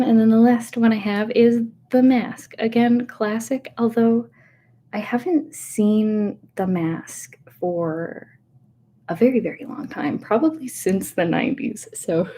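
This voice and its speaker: A woman in her thirties rambles softly through a livestream chat, full of fillers and little asides. Her voice is warm and mellow, with a touch of nervousness, recorded at home on a webcam. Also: medium pitch, slightly rough. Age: 30s. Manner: rambling, chatty, self-interrupting with fillers. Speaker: ASMR host. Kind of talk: soft-spoken livestream chat. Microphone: webcam setup.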